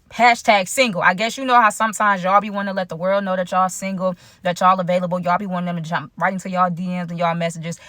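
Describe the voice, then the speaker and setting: A content creator with a medium-pitched, fairly bright voice tells her viewers a personal story in a casual storytime vlog. She's slangy and chatty, speaking straight to the audience, and there's no room sound.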